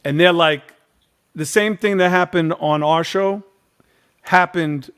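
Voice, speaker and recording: Taking his time, a middle-aged podcast host with a clear, resonant, fairly high voice recounts a long tale in casual conversation. He animatedly acts out the people he quotes and repeats phrases often.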